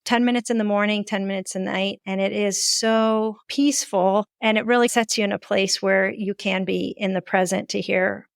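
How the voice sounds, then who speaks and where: A woman hosting a podcast, chatting quickly and warmly with her guest. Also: medium pitch, steady tone, gravelly, clear, resonant tone, no room sound, clean studio sound. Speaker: podcast host. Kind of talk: casual interview chat.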